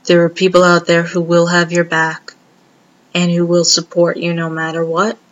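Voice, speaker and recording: A woman speaking earnestly and gently to her viewers, pausing often as she offers support. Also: fairly low pitch, monotone, lo-fi sound. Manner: gentle, earnest, halting with many pauses. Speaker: vlogger. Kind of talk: heartfelt direct-to-camera message.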